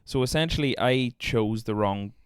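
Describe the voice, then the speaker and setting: A podcast host with a smooth, mid-range voice chats casually with a guest at normal speed, recorded in a clean studio with no room sound. He laughs often, swears and makes fun of himself.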